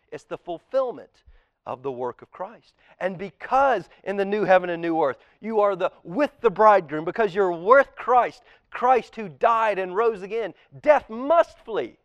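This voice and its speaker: A male pastor delivers a sermon in a fairly high voice. He is impassioned, rising to loud emphasis and sinking to hushed, near-whispered lines. The sound is close and dry. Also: no echo, muffled recording. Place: church auditorium.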